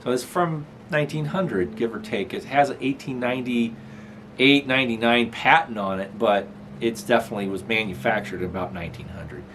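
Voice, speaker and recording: This is a middle-aged man's casual vlog, recorded in his apartment, where he meanders, laughs softly, and coos baby talk at his dog. He speaks at medium pitch and a moderate pace with a fairly bright tone, over a faint hiss or hum.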